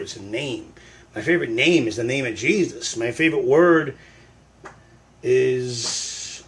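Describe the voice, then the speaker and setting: A man's voice: medium pitch, fairly bright tone. A man hosting a casual livestream Q&A with fans, hamming up mock frustration and sudden outbursts. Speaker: livestream host answering fan questions. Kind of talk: casual live-stream Q&A.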